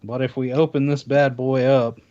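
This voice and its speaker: A man's voice: mid-range voice, little pitch movement, moderate pace, mellow, highs cut off, slight background noise. A man co-hosting a podcast in casual chat, rambling with many restarts. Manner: rambling, full of restarts while showing off a console. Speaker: podcast co-host.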